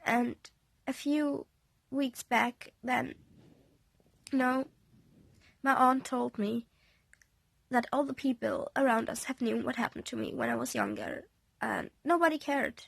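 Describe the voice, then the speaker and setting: A young woman vlogging from a bed, shaken after a panic attack, talking in a halting, apologetic way that often drops to a soft half-whisper. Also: sits high, very animated, gravelly, dry recording. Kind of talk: confessional personal vlog. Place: indoors, on a bed in a bedroom.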